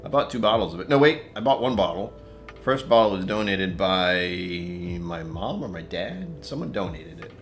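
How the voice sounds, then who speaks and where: Guy with a lowish voice chatting on a home livestream, rambly, laughs at himself, faint music behind. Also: animated, normal speed. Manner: rambling, talks to himself, chuckles often. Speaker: whiskey-tasting livestream host. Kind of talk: casual livestream chat. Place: at home in his apartment.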